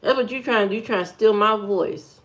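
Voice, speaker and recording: A woman's voice: mid-range voice, a little fast, a bit bright. Female livestreamer, casual and playful, sassy running banter with the audience.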